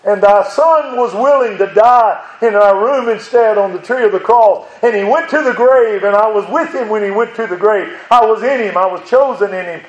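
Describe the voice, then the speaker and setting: A man's voice: sits high, normal speed, few pauses, reverberant, poor audio. An older man preaching a sermon in a folksy, earnest way, rising to pleading emphasis.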